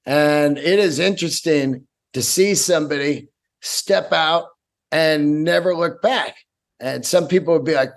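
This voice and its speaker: A man's voice: a little high, measured pace. A man hosting his own podcast alone, rambling loosely from topic to topic and swearing freely. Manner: rambling, profane and animated. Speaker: podcast host. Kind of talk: solo podcast monologue.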